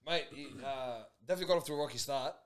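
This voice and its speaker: A man's voice: mid-range voice, very fast, clean tone. A young Australian man, a podcast co-host, telling a story in casual, slangy talk and acting out his own reactions.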